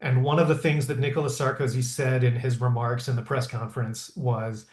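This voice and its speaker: A man in his thirties, a historical interpreter, telling stories in a lively way with many fillers and restarts. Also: mid-range voice, fairly quick. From Pennsylvania. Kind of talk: conversational storytelling. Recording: roomy echo.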